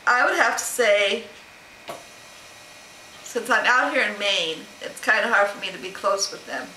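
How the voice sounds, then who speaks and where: A woman's voice: mid-range voice, unhurried, bright, forceful tone, roomy sound, a little hiss or hum, rough recording. A middle-aged woman chatting casually to camera at home, rambling and laughing as she answers questions. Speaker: vlogger answering a question tag. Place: home room.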